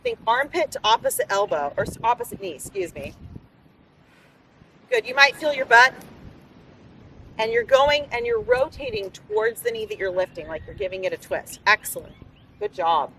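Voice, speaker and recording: On a beach, a woman fitness instructor leads a live outdoor class with upbeat encouragement, her fairly high voice pushed and bright, with vocal fry and wildly swooping pitch. She keeps a moderate pace and pauses often, recorded by a distant mic with faint background noise.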